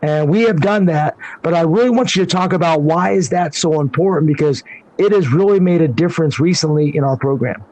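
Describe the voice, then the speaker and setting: Male podcast host, slightly high voice, encouraging and chatty. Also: a little fast, a little mellow, low-quality recording. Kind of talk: casual interview.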